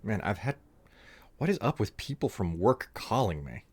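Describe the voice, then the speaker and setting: A man's voice: fairly low pitch, big pitch swings, normal speed, darkish tone. Rambling young man chatting on a stream. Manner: rambling, joking, lots of fillers. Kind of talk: casual live-stream chat.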